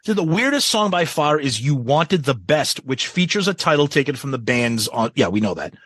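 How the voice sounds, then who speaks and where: A man's voice: mid-range voice, big pitch swings, normal speed, a bit bright, no echo. A man co-hosting a podcast in casual chat, hesitant, with many ums and restarts. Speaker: podcast co-host.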